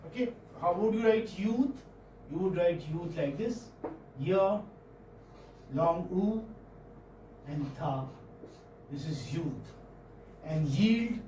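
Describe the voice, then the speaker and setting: A man with an Indian English accent giving a classroom phonetics lecture, halting and often checking in with students. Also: high-pitched, expressive, dark tone, a little hiss or hum. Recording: roomy classroom audio from far off.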